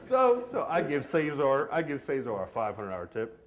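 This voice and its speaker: A man telling a comic story about himself at a live story event, in an animated, joking way. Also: mid-range voice, normal speed, a crowd in the background. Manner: animated, comic, self-mocking.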